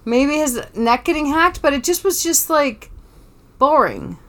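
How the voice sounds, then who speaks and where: A chatty young woman talks into her podcast mic at home, slightly high-pitched and full of asides and laughter. She speaks casually, going off on tangents about her cat while chatting about movies. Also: sing-song, a little slow, fairly bright tone. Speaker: podcast co-host. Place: bedroom at home. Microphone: podcast microphone.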